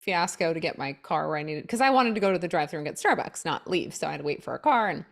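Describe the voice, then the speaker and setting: A woman's voice: low-pitched, fast, creaky. A young woman co-hosting a podcast, chatting casually and acting out the people in her stories. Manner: animated storyteller, acts out quotes. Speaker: podcast co-host. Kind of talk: casual chat.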